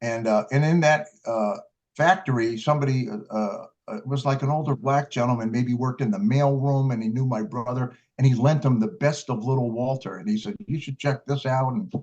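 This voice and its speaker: A man's voice: mid-range voice, brisk, a little mellow. Older man telling stories in a rambling way. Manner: rambling storyteller with many restarts and fillers. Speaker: interviewed blues harmonica player. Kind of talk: casual interview. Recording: dull lo-fi recording.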